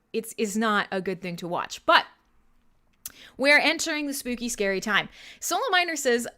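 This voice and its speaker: A woman's voice: a little high, pushed and bright. A Canadian woman hosting a live radio stream, chatting casually and irreverently with listeners, swearing freely and laughing often. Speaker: radio show host.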